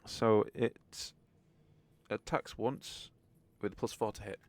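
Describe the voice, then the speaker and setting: A man's voice: lowish voice, steady tone, slow pace, no echo. A man narrating a tabletop game as game master, in a wry, joking manner.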